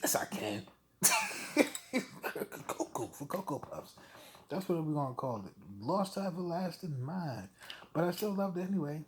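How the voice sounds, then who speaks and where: Higher-pitched man ranting bluntly. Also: expressive, a little slow, a little hiss or hum. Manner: blunt, heated, swearing, with short laughs. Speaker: vlogger. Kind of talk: profane personal rant to camera.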